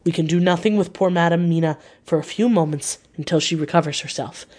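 Steady elderly professor in an audiobook, calm, slightly low, read by a woman. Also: a little fast, lightly acted. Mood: hushed. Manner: calm, reassuring.

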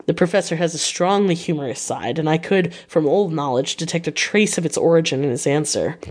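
A woman reading a classic novel aloud as an audiobook reader, in a steady, measured voice. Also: sits low.

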